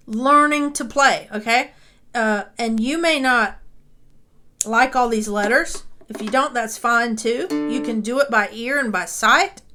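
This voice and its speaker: Woman music teacher, high voice, unhurried, reassuring, soft instrument music behind. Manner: patient, reassuring, checks in with "okay?". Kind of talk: instrument lesson, talking and singing along.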